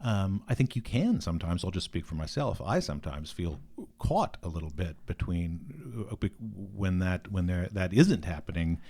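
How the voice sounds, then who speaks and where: A man's voice: low-pitched, big pitch swings, moderate pace, hardly any pauses, warm tone, husky. A man speaking as a podcast guest, thoughtful and hesitant, with many fillers and restarts. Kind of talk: conversational interview.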